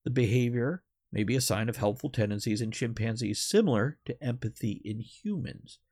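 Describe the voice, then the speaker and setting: A man's voice: mid-range voice, moderate pace, darkish tone, slightly rough, no echo, clean studio sound. A man hosting a podcast in casual, rambling chat who swears now and then. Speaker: podcast host.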